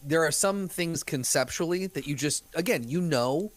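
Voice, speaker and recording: A man's voice: on the high side, moderate pace, no echo. Joking podcast co-host, man. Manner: reactive, joking listener. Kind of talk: casual chat.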